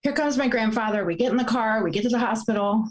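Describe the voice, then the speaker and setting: A woman's voice: on the high side, fast, rough recording. A woman in her forties telling a painful personal story, fighting back tears as she speaks. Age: 40s. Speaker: guest.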